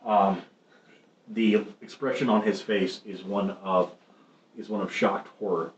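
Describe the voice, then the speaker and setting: A man narrating as game master of a tabletop game, halting with many ums and restarts. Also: lowish voice, fairly even intonation. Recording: roomy, muffled stream audio with faint noise.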